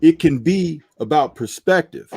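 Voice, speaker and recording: A man's voice: on the high side, expressive, measured pace, vocal fry, dark tone, husky. A man on a boxing talk panel speaking earnestly and preachily, driving his points home with "okay" asides. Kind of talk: casual panel chat.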